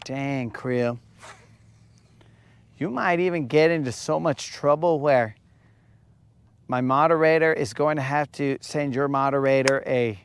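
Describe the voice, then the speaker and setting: A man's voice: medium pitch, clean tone. A man hosting a live fishing stream from a lake at night, chatting casually and joking with his viewers. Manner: joking, rambling, teasing viewers.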